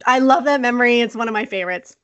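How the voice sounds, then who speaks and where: A woman co-host tells a family story in a casual, animated way and laughs as she talks. She acts out the people in it. Her voice sounds dry and close, with little room sound. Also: on the high side, fast talker, no echo, lo-fi sound. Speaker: podcast co-host.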